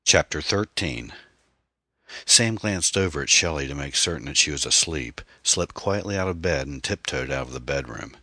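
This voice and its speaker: A man reading a mystery novel aloud in measured, scripted narration. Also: very deep voice, expressive, sharp tone, dry recording. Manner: measured storytelling. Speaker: audiobook narrator.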